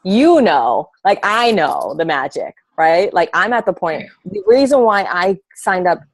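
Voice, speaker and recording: A woman's voice: fairly low pitch, big pitch swings, measured pace, no echo. A woman coach on a team call, talking casually and emphatically with lots of fillers. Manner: emphatic, filler-heavy, passionate.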